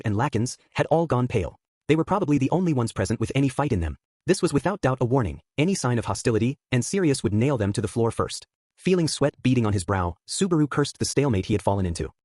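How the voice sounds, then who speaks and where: A man narrating a novel audiobook in a brisk, even reading style. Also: medium pitch, no room sound, studio quality. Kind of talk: scripted narration.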